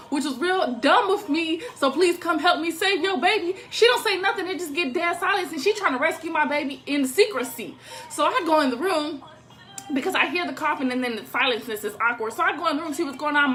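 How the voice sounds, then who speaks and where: A young woman telling a profane, animated story to the camera at home, laughing as she goes. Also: high voice.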